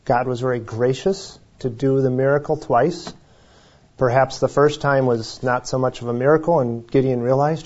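A man leading a Bible study in a relaxed, conversational way, often correcting himself and chuckling. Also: medium pitch, normal speed. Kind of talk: informal Bible teaching. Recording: dull lo-fi recording.

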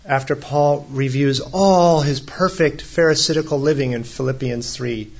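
A man's voice: mid-range voice, measured pace, a little mellow, slightly rough, lo-fi sound. A man preaching a sermon as a pastor, in a conversational way with humorous asides.

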